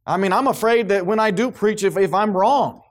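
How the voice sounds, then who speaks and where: A man's voice: high voice, fairly quick. A man preaching a sermon to a congregation, acting out the voices of the people he quotes. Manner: animated, acts out quoted voices, responsive amens from congregation.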